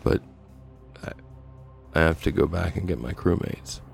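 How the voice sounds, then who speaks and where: A man's voice: rumbling low, measured pace, creaky, faint music behind. A man playing a tabletop role-playing game, describing his character's actions hesitantly, with many fillers. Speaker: player.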